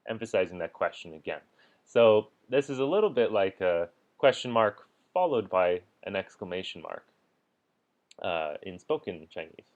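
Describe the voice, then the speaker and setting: A man teaching language points in a relaxed way, chuckling now and then between examples. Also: deep voice, normal speed.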